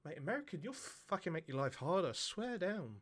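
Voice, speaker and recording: A man's voice: high-pitched, big pitch swings, fairly quick, noisy background. A man doing casual reaction commentary, swearing, laughing and putting on silly voices. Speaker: reaction video host.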